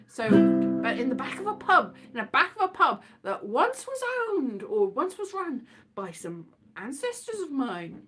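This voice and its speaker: A woman chatting casually in a scatterbrained, rambling vlog, sometimes breaking into silly made-up songs. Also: sits high. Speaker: vlogger.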